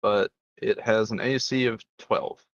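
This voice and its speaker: Low-voiced man on a dull lo-fi mic. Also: fairly even intonation, dry recording. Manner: hesitant, halting speech with restarts. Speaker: player. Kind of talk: casual tabletop game chat.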